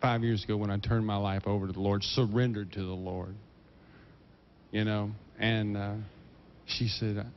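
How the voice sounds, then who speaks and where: Humble guy telling his testimony, dull old tv audio, bit of rumble. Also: level tone, moderate pace. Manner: humble, earnest. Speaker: guest harmonica player. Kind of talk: testimony chat on TV.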